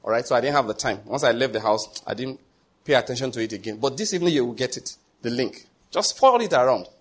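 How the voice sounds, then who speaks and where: A man's voice: mid-range voice, expressive, quick pace, slightly rough. A man preaching a sermon as pastor, emphatic, full of rhetorical questions and pidgin asides.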